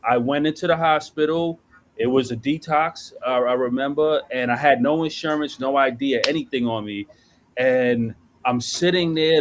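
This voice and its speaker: A man earnestly telling his personal story of addiction and recovery, with emotional, conversational storytelling. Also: mid-range voice. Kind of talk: personal testimony.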